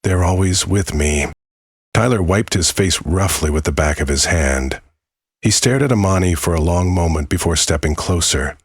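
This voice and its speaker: A man narrating a dramatic story in a very deep, husky voice. His delivery is measured and solemn. The sound is close and completely dry. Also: expressive, no echo.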